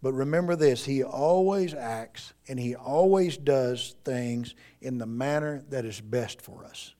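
A middle-aged male pastor preaching a sermon in a church, earnest and pleading, rising to emphatic peaks and dropping to quiet appeals. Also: mid-range voice, unhurried, few pauses. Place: church sanctuary.

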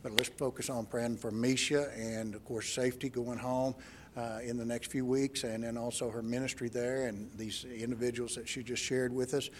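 Halting pastor leading an altar call. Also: male voice, mid-range voice, flat delivery, slight background noise. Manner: gentle, halting, with many fillers. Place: church sanctuary.

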